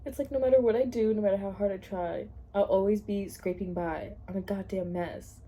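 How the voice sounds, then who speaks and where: A woman reading out the lines of a gentle young man in a soft, lowered voice, as if he were in a storybook. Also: steady tone, fairly quick, husky. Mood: tender.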